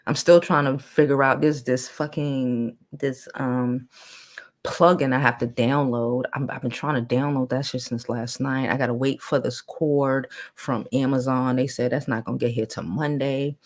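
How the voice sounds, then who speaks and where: A woman with a deep, low voice chats casually to her livestream viewers. She talks bluntly, swears freely and reads their comments aloud in a softened tone. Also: steady tone, moderate pace. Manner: putting on a lower, softer new voice. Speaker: livestream host.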